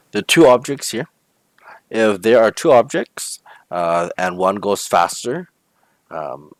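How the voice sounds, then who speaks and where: A male physics teacher works through homework problems step by step in a walkthrough lesson, often checking in with "okay?" and "right?". His voice sits low, and there is no echo.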